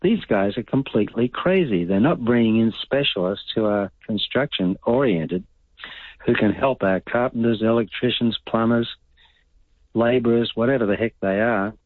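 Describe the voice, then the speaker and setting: A man's voice: lowish voice, moderate pace, no echo. An older man calling in to a radio show, giving blunt, rambling opinions. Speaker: caller. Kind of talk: casual talkback call. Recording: dry phone-line sound.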